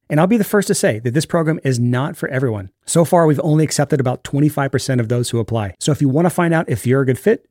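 A man's voice: medium pitch, darkish tone, no echo, studio quality. A man co-hosting a podcast, reading an upbeat ad and then chatting casually and joking with his co-host. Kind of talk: casual podcast chat and read ad.

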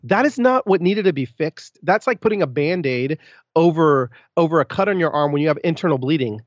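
A man with a voice pitched a touch high speaks candidly as a podcast guest. His delivery is animated and full of restarts, with emphatic bursts that rise in pitch. The sound is dry and a little dull, as if from a modest mic in a close room. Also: brisk, dry recording. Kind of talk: candid interview storytelling.

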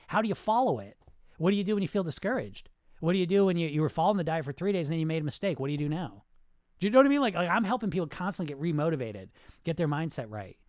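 A man's voice: a little high, no echo, studio quality. A middle-aged man coaching on weight loss in a casual, blunt, rambling way, with restarts and swearing. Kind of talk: casual coaching talk answering listener questions.

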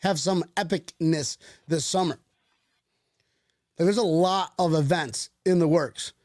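Man, high voice, jokey co-host, dry close sound. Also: takes it slowly, no echo. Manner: jokey, animated, puts on silly accents. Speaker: podcast co-host. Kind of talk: casual chat.

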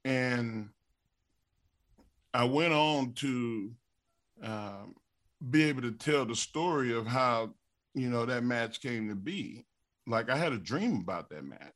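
A middle-aged man, a former wrestler and show co-host, telling stories in a lively, casual way. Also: medium pitch. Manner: animated storyteller, acts out quotes with stammers and laughs. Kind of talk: casual storytelling.

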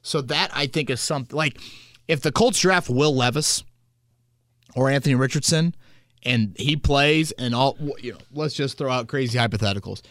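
A man's voice: mid-range voice, normal speed, fairly bright tone, no room sound. A man hosting a sports podcast in a casual, rambling way, spinning hypotheticals. He is recorded on a close, dry mic. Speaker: podcast host.

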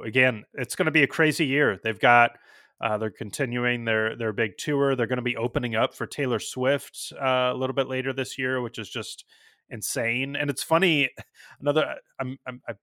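A man's voice: mid-range voice, pushed and bright, dry recording, clean studio sound. A man hosting a casual music podcast, rambling a little with frequent ums and restarts. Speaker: podcast host.

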